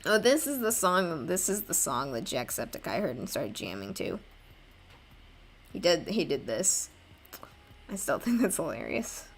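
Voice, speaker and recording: A woman's voice: sits low, sing-song, unhurried, long pauses, a little hiss or hum. A young woman chatting casually with viewers while drawing live, rambling and poking fun at herself. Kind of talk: casual livestream chat.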